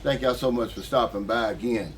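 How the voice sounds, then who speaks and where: A man's voice: mid-range voice, brisk, slight background noise. An older man from the United States, talking casually and heatedly to camera as a vlogger. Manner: frustrated, heated, conversational.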